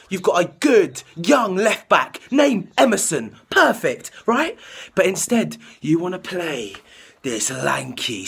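Husky young guy ranting at the camera, swearing, yelling every few lines. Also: high-pitched. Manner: swearing, shouting, restless outbursts. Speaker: vlogger. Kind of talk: angry football rant to camera.

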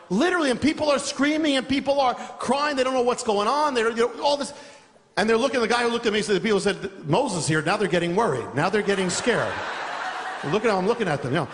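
A man preaches with a fairly high, bright voice, spinning a lively anecdote and chuckling between lines. His voice carries a long reverb from a large hall. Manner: animated, laughing through a funny story. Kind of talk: sermon storytelling.

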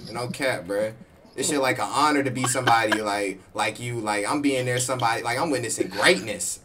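A man's voice: mid-range voice, fairly quick, fairly bright tone. A man streaming a game, chatting in slang and egging other players on over voice chat. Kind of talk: gaming voice chat. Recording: noisy game audio.

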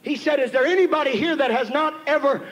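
A man preaching a sermon, telling a story and building to shouted emphasis as he calls on the congregation. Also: extremely high pitch, quick pace, highs cut off. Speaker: pastor. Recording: 1990s church sermon tape with faint hiss.

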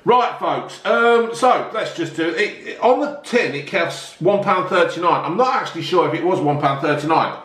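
A man's voice: on the high side, expressive, normal speed, few pauses, a bit bright. A middle-aged man casually reviewing a drink, rambling and joking, calling his viewers folks. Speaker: product reviewer. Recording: echoey room.

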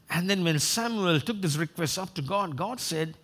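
A man preaching a sermon, animated, acting out quoted voices and often repeating and restarting his words. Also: high voice, normal speed, hardly any pauses. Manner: animated, acts out quoted voices of God and people. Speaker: pastor.

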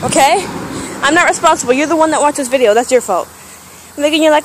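A woman's voice: high voice, fast talker. A young woman vlogging at home and outdoors, giddy and rambling, breaking into squeals and screams. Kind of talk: hyper solo vlog. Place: home kitchen, then outdoors in a yard. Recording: noisy home camera audio.

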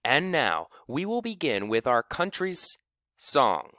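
A man's voice: mid-range voice, huge pitch swings, takes it slowly, sharp tone, no room sound, clean studio sound, pitched above the performer's own voice, exaggerated voice. A man voicing a grand small-town male announcer with a resonant, carrying voice. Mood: ceremonious.

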